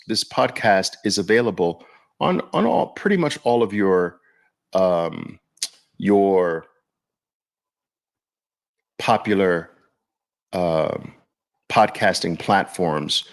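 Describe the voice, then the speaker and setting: A man's voice: low-pitched, fairly bright tone. A man hosting a podcast in casual livestream talk, chatting loosely and speaking straight to his viewers. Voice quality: gravelly. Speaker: podcast host.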